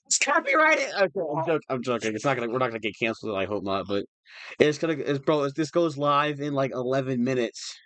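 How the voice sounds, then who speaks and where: A man's voice: mid-range voice, quick pace, no room sound. A young man chatting on a livestream, emotional and rambling, restarting his sentences often. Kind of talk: casual livestream chat.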